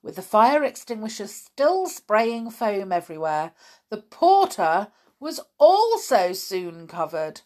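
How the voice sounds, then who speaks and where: A woman reading a children's storybook aloud with slow, dramatic, expressive delivery. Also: mid-range voice. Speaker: narrator.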